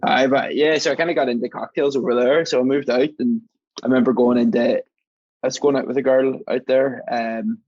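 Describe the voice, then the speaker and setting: A man's voice: medium pitch, level tone, a little fast, a little mellow, no room sound. A young man with a Northern Irish accent, a podcast guest telling rambling anecdotes in a casual chat. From Belfast, Northern Ireland. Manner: chatty, rambling anecdotes with frequent laughs. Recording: dull, dry podcast recording.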